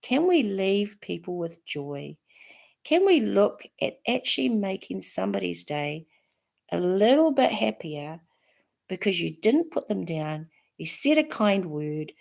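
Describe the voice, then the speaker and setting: Female vlogger with a New Zealand accent, chatty and encouraging, a little low in pitch. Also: creaky. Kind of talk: casual chat to camera.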